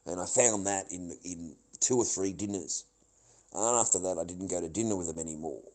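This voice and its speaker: A man's voice: low voice, brisk, a little mellow, low-quality recording. A middle-aged man, giving a rambling, bitter and heavily profane livestream monologue that loops back on the same points.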